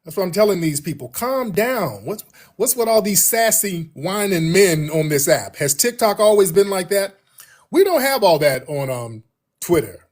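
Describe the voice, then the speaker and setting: A man's voice: sits high, very animated, normal speed, a little mellow. A man hosting a livestream in casual chat, telling stories in a slangy, laid-back way. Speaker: livestream host.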